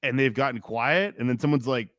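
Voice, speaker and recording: A man hosting a podcast, telling a history story in a loose, profane, animated way and acting out shouted lines. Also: medium pitch, a little fast, dry recording, clean studio sound. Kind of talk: casual storytelling chat.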